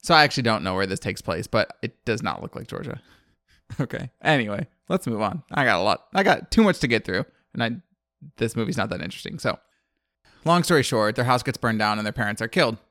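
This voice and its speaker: A man's voice: mid-range voice, lively intonation, fast, a bit bright, no room sound, studio quality. A man from the American South casually recapping a movie as a podcast co-host, rambling and laughing often. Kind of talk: casual chat.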